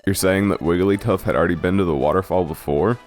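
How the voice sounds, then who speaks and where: A man's voice: low voice, fast, faint music behind, close to an everyday voice. A man voicing an eager young male explorer in a game, reading his lines in an earnest, plain way. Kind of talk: let's play dialogue reading.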